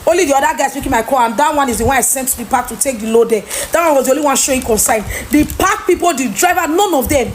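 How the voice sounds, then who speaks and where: A high-pitched Nigerian woman tells her story with mounting exasperation, switching into Pidgin voices to mimic the people she dealt with. A faint ambient hiss sits under her voice. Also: racing, hardly any pauses. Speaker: trader telling of lost goods. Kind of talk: animated personal storytelling.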